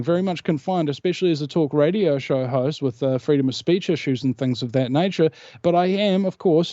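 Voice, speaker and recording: Kiwi guy guesting on a chat show, rambling, lots of uhs, kinda high voice but dark tone. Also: no room sound, muffled recording. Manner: rambling storyteller, many hesitations. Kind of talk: casual interview chat.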